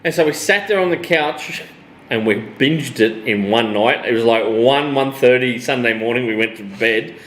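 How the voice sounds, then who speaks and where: A middle-aged Australian man co-hosting a casual live show, animated, swearing freely and laughing often. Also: mid-range voice, normal speed, roomy sound, slight background noise. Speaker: co-host. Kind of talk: casual live-stream chat.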